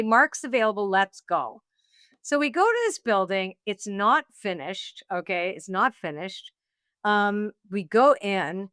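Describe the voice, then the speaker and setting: A woman being interviewed, telling a personal story in a lively, laughing way and acting out what she and others said. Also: medium pitch, unhurried, no echo, studio quality. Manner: animated, laughing storyteller, acts out her own quotes. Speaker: guest, oracle deck author.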